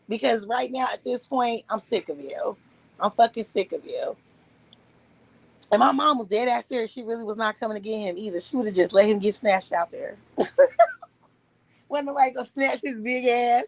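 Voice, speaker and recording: A woman telling a family story on a livestream, profane and animated, laughing often. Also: on the high side, moderate pace, gravelly, no echo, rough recording. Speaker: streamer. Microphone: streaming microphone.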